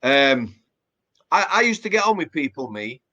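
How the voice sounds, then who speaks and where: Sing-song and sharp in tone, this Yorkshire man speaks at normal speed and medium pitch. Once a prison officer, he talks plainly in a casual interview, with plenty of fillers and restarts in his Yorkshire English.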